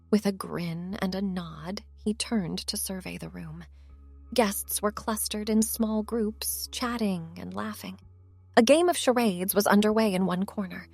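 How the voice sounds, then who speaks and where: A woman storyteller reading prose in an even, calm narration. Her voice sits at an ordinary pitch, recorded dry and close. Soft music plays faintly underneath. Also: a little slow, vocal fry, no echo. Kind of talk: scripted narration.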